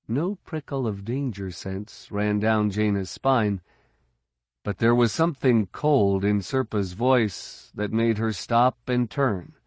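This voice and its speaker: A man reading an audiobook in a measured, even narration. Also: on the low side, no room sound, clean studio sound.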